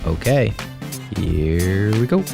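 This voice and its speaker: Intro announcer, male, very deep voice, scripted, music behind. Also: lively intonation, slow, creaky. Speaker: show announcer. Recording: voice over background music.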